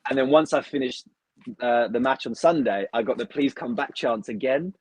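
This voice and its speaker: A young man from the UK chats excitedly as an interview guest, peppering his talk with "like". His voice is a little husky and sits close and dry on the mic. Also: mid-range voice, normal speed, no echo, rough recording. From United Kingdom. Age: young adult. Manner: chatty, excitable, heavy use of "like". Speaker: wrestler, guest. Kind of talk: casual interview chat.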